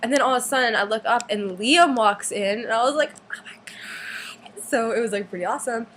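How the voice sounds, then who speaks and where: A teenage girl telling a long story in a casual vlog, excited and rambling, with many fillers. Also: a little high, fast talker, slight background noise. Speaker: vlogger.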